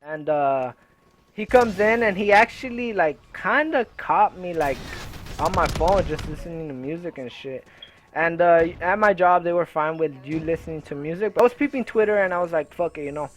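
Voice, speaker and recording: A man's voice: fairly high pitch, moderate pace, a little hiss or hum. A young man telling a rambling, profane personal story in a casual way over gameplay, full of fillers. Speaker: gaming video creator.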